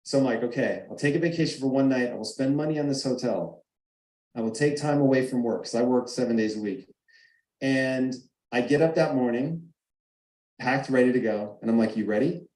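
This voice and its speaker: A man's voice: medium pitch, fairly quick, a little mellow, echoey room, rough recording. A man telling a personal story over a video call, emphatic and acting out the arguments he quotes. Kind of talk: animated storytelling. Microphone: video call mic.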